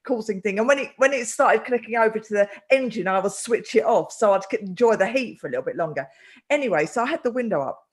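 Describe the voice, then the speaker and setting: Lively woman telling a story. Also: on the high side, quick pace. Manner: animated storyteller, acts out quotes. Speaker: host. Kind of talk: casual chat.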